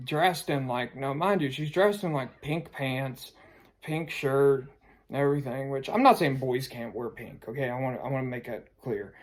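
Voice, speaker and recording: A man's voice: a little high, a little mellow. A man casually telling a personal story, rambling and sheepish, filling his talk with "like" and "I mean.". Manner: self-conscious, sheepish.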